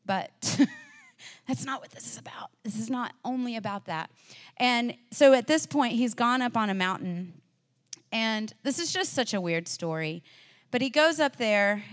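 In a casual, chatty storytelling style, a woman with a mid-range voice preaches a sermon. She alternates between loud, emphatic declarations and quiet, offhand asides. Long reverb suggests a large hall.

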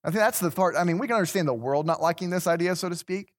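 A man's voice: sits high, very fast. A man teaching an interactive Bible class, talking conversationally, repeating words and putting questions to the group.

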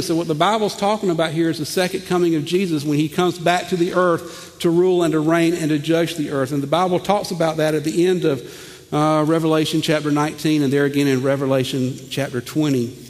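A man, preaching a sermon in an animated way, stammering over repeated words and swinging from loud to hushed. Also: on the high side, a little fast, big-room sound. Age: 40s. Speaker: pastor.

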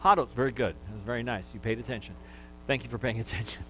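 A pastor delivers a sermon to his congregation in a mid-pitched male voice. He teaches patiently and asks the listeners to repeat words back to him. He lightens the lesson with small jokes. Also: steady tone, quick pace, a little hiss or hum, low-quality recording.

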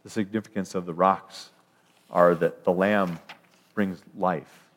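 A man delivers a sermon in a fairly low voice. He speaks emphatically, climbing in pitch and volume as he declares his points. He often restarts his phrases mid-thought. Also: fairly even intonation, slow pace. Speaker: preacher.

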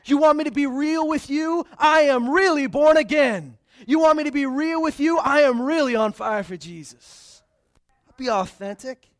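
A man's voice: very high voice, normal speed. A male pastor preaching a sermon, telling stories casually and then building to emphatic, raised declarations.

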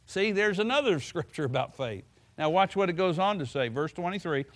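A man's voice: fairly high pitch, moderate pace. A man preaching a sermon in a folksy way, stretching words for emphasis and breaking in with "hallelujah.". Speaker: pastor.

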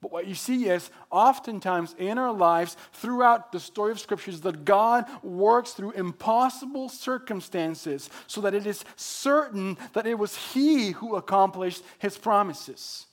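High-voiced man preaching emphatic sermon. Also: measured pace, few pauses. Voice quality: emphatic, builds points through repetition. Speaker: pastor.

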